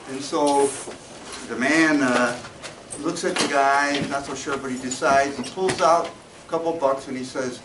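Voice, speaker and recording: Halting older man lecturing in an echoey room. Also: medium pitch. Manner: halting, with frequent restarts. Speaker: guest speaker. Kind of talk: lecture to an audience. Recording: distant, echoey, with room noise.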